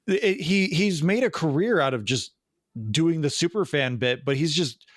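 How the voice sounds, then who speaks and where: A man's voice: a little high, expressive, normal speed, no room sound, studio quality. Sardonic man from the Midwest. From American Midwest. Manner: sardonic, rambling. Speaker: podcast co-host. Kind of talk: casual chat. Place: home basement.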